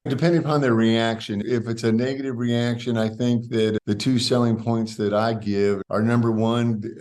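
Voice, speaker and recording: A middle-aged man, a podcast guest, explaining things in a good-humored, somewhat halting way. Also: mid-range voice, little pitch movement, a little mellow. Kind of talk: casual podcast conversation.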